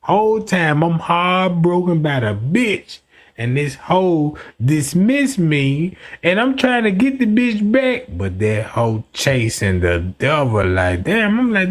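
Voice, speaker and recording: A man livestreaming, telling a profane, rambling story to his chat, dropping to low mutters and then shouting. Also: very animated, slow pace. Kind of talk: casual storytelling to a live chat.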